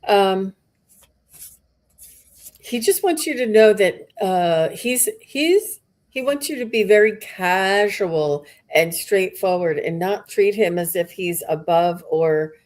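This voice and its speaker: A woman hosting a live mediumship reading, relaying messages slowly with halting pauses. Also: medium pitch, expressive, a little mellow. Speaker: psychic medium host.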